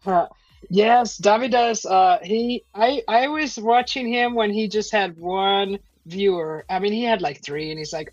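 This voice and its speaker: A woman's voice: medium pitch, measured pace, no room sound. A woman hosting a casual live stream from home, reading out chat messages and rambling with many fillers and restarts. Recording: dull lo-fi stream audio.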